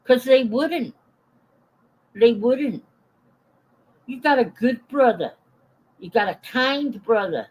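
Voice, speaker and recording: A woman's voice: fairly high pitch, lively intonation, slow, pauses often, a little mellow, slightly rough, rough recording. A woman in her forties ranting casually on a live stream, swearing bluntly and greeting viewers in the chat between her points. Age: 40s.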